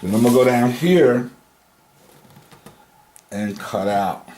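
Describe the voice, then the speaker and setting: A handbag-making instructor gives a casual hands-on tutorial, slow and relaxed, thinking aloud while he cuts and pins. His voice is mid-range, with a little hiss or hum in the recording.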